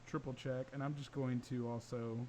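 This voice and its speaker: Guy hosting a gaming podcast, chatty and upbeat, laughs a lot, mid-pitched voice. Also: level tone, normal speed, darkish tone, a little hiss or hum, low-quality recording. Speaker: podcast host. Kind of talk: casual chat while setting up a livestream.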